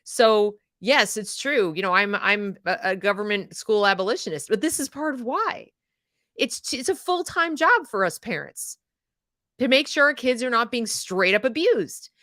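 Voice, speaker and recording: A woman hosting a live recap talk, telling a personal story in an animated, emphatic and firm way. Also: a little high, moderate pace, no room sound, studio quality. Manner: animated and emphatic, acts out quoted people; firm, indignant. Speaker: podcast host.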